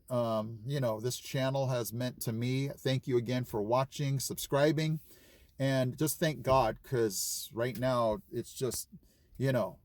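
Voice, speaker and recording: A man's voice: medium pitch, darkish tone, no echo. A man who teaches school and talks earnestly and gratefully to his channel, casual and chatty with fillers. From California. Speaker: vlogger and schoolteacher. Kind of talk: casual vlog talk to camera.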